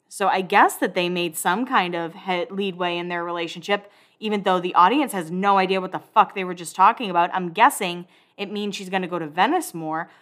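A woman's voice: medium pitch, a bit bright. A woman talking through a show recap in a loose, casual way. She slips into the characters' lines as she retells each scene, with a sarcastic, blunt edge and the odd swear word. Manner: chatty and sarcastic, acts out quotes, swears. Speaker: recap podcast host.

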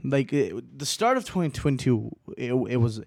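A man's voice: mid-range voice, very animated, moderate pace, gravelly, a little mellow, no echo, studio quality. Rambling, foul-mouthed young man. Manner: rambling, swears constantly, laughs often; uneven pace, some words stretched. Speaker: podcast host. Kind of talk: casual solo talk.

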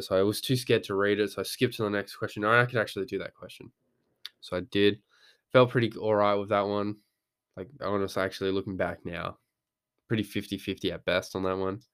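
A man's voice: lowish voice, fairly even intonation, brisk, smooth. A young man, talking casually as a podcast host, rambling and swearing freely as he acts out his own thoughts. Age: young adult. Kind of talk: casual monologue.

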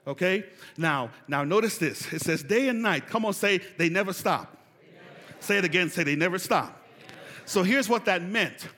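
Man, pastor, high ringing voice, call-and-response sermon, long church echo. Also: expressive, normal speed. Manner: preaching with call-and-response, rising to shouts. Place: large church hall. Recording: reverberant church hall.

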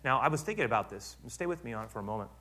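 A middle-aged man preaching a sermon, moving between quiet explanation and loud, emphatic build-ups. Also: mid-range voice, animated, very fast.

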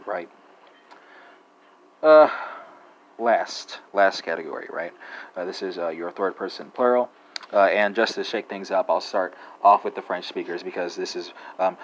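A man with a very low voice walks listeners through a language lesson, stopping often on "uh" and tacking "right?" onto his points. A faint hum of room noise sits under him. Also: poor audio. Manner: halting, many "uh" fillers, keeps asking "right?". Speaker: language podcast host. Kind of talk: unscripted language lesson monologue.

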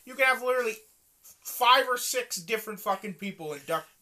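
A bright-toned podcast co-host riffs in casual chat, the pitch bouncing around a lot. The talk is excitable and salted with swearing. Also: fairly quick.

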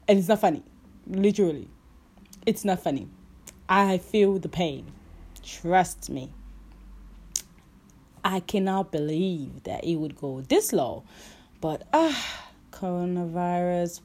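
A woman's voice: on the low side, expressive, measured pace, long pauses, warm tone, breathy edge. A woman hosting a casual solo podcast from home, chatty and laughing often, stretching out her advice. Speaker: podcast host. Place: home, during lockdown.

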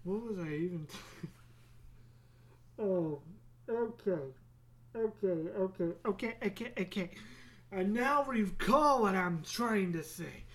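Male solo podcaster, unhurried delivery, chatty and sidetracked, casual swearing. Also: high voice, lively intonation. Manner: rambling, easily sidetracked, laughs at himself. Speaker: podcast host.

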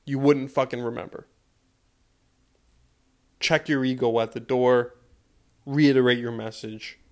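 A podcast host in his twenties delivers a fired-up rant in a mid-range voice, a little slow and with fairly even intonation. He is emphatic and profane, repeating a refrain over and over.

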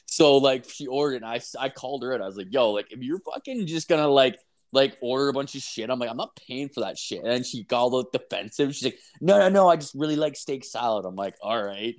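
A young man, rambling and profane, telling an animated anecdote in casual chat with filler words everywhere. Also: mid-range voice, brisk, few pauses. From Canada. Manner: animated, acts out voices in anecdotes.

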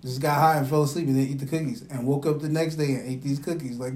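Mid-pitched host spinning funny stories. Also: quick pace, hardly any pauses, a little mellow, a little hiss or hum. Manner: storytelling, laughing, swearing, mimicking others. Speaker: podcast host. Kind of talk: casual chat.

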